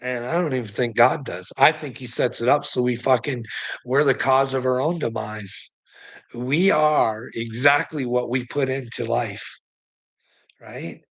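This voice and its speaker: A man's voice: mid-range voice, unhurried, creaky, fairly bright tone. A weary man ranting in a profane monologue to the camera, swearing constantly and stammering through restarts. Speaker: vlogger.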